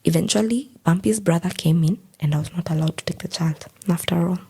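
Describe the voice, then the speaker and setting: A young Kenyan woman with a low, husky, gravelly voice tells a personal story on a podcast. Her tone stays dark and mellow. She acts out each person's quoted lines as she goes. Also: brisk. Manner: recounts events by acting out quoted dialogue. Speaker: podcast guest.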